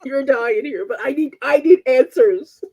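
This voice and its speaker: A woman's voice: high voice, unhurried, darkish tone, slightly rough, poor audio. A woman hosting a casual live-stream talk show, blunt and teasing with emphatic points.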